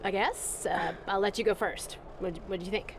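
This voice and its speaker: An actress voicing a flustered, hesitant co-host in a video game. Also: female voice, medium pitch, fairly even intonation, normal speed, gravelly, slight background noise, lightly acted.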